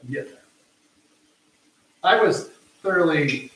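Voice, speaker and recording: Rambling cooking host in an echoey kitchen. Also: male voice, a little high, normal speed, dull audio, slight background noise. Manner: rambling, self-mocking. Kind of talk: casual live cooking chat. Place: home kitchen. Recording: echoey room, mic far off.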